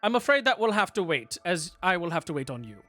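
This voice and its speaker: A man's voice: sits high, sing-song, fast, pushed and bright, no echo, faint music behind, pitched above the performer's own voice, exaggerated voice. A man voicing a pompous, pudgy male noble lord who speaks in a grandiose, condescending way.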